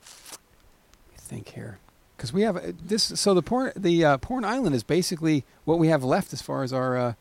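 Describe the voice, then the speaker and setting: A man's voice: a little high, animated, normal speed, vocal fry, no echo. A man hosts a podcast with a crude, pushy manner and plenty of swearing. His voice is dry and close, with no room sound. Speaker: podcast host. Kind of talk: casual chat.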